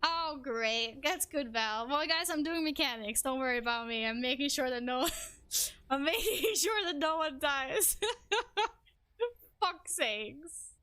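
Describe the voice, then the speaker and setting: A young adult woman streaming a game live, reacting excitably, swearing and making fun of herself. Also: sits high, takes it slowly, no echo. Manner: excitable, swears, self-deprecating outbursts. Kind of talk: live gameplay commentary.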